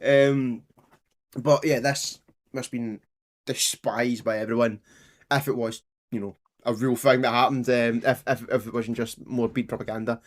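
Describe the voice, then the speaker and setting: A man's voice: medium pitch, little pitch movement, normal speed. A man co-hosting a history podcast, chatting casually, rambling and often laughing. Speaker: podcast co-host.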